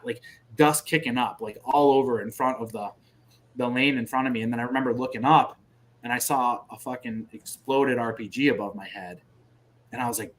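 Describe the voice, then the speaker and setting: Male veteran guest, mid-pitched, swearing, gritty war storytelling. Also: a little fast. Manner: profane, vivid, animated retelling with sound effects. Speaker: podcast guest, military veteran.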